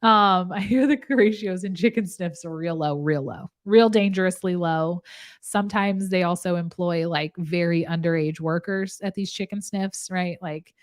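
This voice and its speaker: A woman's voice: fairly low pitch, normal speed. A woman nurse practitioner chatting casually with her viewers. She is talkative and laughs often in the middle of her sentences. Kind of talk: casual live chat with viewers.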